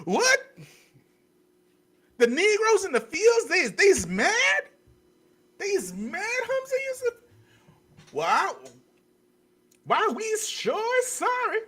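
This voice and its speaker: A man putting on a groveling, over-apologetic figure in a slow, servile, mocking parody. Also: very high-pitched, sing-song, fairly bright tone, exaggerated voice.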